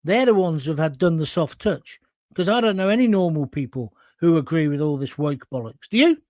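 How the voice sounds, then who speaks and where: A man hosts a live stream in a fairly high voice, recorded dry with no room echo. He reads viewer comments aloud and answers them bluntly and emphatically, swearing now and then. He sounds hot and sweaty as he talks. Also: expressive, brisk, a little mellow. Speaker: host of a live current-affairs stream.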